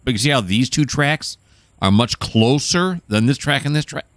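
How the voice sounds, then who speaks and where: A man's voice: mid-range voice, animated, normal speed, dry recording. A man casually commenting while playing a train game, rambling and correcting himself as he goes. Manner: rambling, self-correcting, chatty. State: hiccuping. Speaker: gameplay host.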